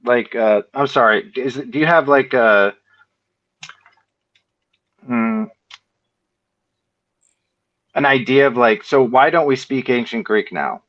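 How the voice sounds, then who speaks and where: A man asks long, winding questions, searching for the right words as he goes. His pitch is ordinary for a man. The audio is dull and lo-fi, like a call recording. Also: takes it slowly, long pauses, fairly bright tone. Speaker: discussion participant. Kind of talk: casual discussion.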